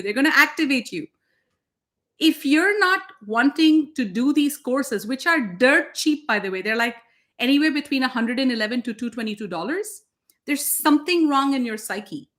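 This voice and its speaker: A woman's voice: fairly high pitch, a bit bright. A woman spiritual teacher co-hosting a casual talk, emphatic and blunt, swearing freely.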